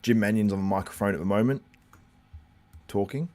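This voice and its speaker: A man's voice: on the low side, a little fast, a little mellow. A man hosting a live watchalong stream, chatting loosely and reacting to viewer comments as he talks things through. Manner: loose and rambling with frequent fillers. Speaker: host.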